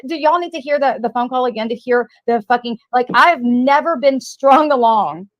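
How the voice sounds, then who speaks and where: Lady yelling at a caller on stream, high voice, lots of swearing, dry sound. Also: normal speed, no echo, muffled recording. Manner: profane, confrontational. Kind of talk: heated live stream argument.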